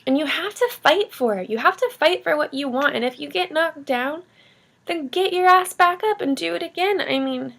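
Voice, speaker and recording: A woman's voice: high-pitched, expressive, normal speed, vocal fry, fairly bright tone. A young woman vlogger giving heartfelt, rambling encouragement in an earnest manner. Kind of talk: heartfelt motivational vlog talk.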